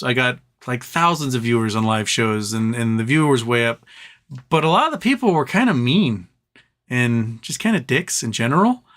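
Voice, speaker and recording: A man's voice: medium pitch, a little fast, fairly bright tone. A man hosting a casual charity livestream, reading viewer comments aloud and getting teary as he thanks them. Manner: emotional, tearful while thanking viewers; talks fondly to his pet between comments. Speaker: livestream host.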